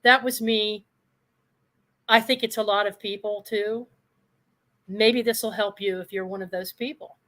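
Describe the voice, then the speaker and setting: A woman's voice: medium pitch, steady tone, a little slow, pauses often, fairly bright tone. A woman in her sixties speaking bluntly and passionately in a candid live discussion. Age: 60s. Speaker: panel guest.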